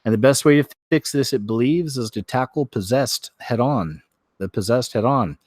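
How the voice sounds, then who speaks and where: A man hosting a show, reading news stories aloud, stumbling over words, clearing his throat and adding wry comments of his own. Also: medium pitch, lively intonation, normal speed, a little mellow, dry recording, studio quality. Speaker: host.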